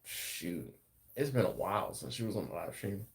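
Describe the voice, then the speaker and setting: A man's voice: low-pitched, sing-song, gravelly. An American man hosting a live barbecue stream, chatting casually and answering viewer comments with lots of fillers and restarts. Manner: slow, laid-back storytelling with frequent fillers and restarts. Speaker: host of a barbecue livestream. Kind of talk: casual livestream chat reading viewer comments.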